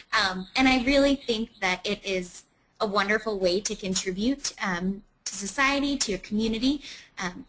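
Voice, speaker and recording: A woman's voice: medium pitch, a bit bright, rough recording. A woman presenting a webinar in a chatty way, with many ums.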